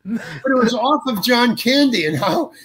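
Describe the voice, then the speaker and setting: A man's voice: extremely high pitch, lively intonation, normal speed, a bit bright, a little hiss or hum. An older man, an actor guest, tells stories in an interview. He stops and restarts often and chuckles as he goes. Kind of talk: anecdotal interview storytelling.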